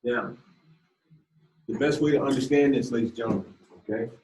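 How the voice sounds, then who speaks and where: A man's voice: mid-range voice, brisk, darkish tone. A man teaching a class in conversational style, often turning questions to his students. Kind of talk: classroom lecture. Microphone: camera across the room. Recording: distant, echoey classroom sound.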